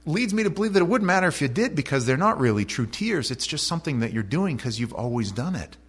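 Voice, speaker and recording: Lively, joking pastor preaching to a congregation. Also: male voice, fairly high pitch, quick pace, slightly rough. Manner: conversational, lively, joking asides to the audience. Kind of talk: sermon.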